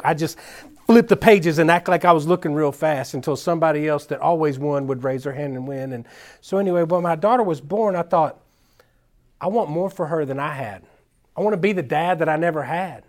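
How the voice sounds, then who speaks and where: High-voiced man telling a candid testimony. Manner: candid, self-deprecating, halting restarts. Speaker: conference speaker. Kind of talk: personal testimony talk.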